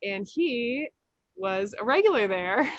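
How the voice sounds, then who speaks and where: A woman's voice: fairly high pitch, expressive, slow, no echo, dull audio. A woman guest on a podcast, chatting in an easygoing way and laughing often. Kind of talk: casual chat.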